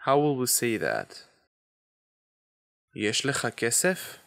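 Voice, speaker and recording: A man giving a beginner language lesson, explaining grammar slowly and deliberately with example phrases. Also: medium pitch, wildly swooping pitch, creaky, fairly bright tone, no echo, clean studio sound. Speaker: Hebrew teacher.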